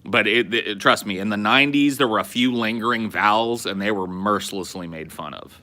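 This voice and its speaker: A man's voice: fairly low pitch, fairly quick, bright, forceful tone. A man in his forties from California, hosting a podcast and telling loose, profane stories. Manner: loose, profane storytelling with frequent restarts. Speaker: podcast host. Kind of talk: casual chat.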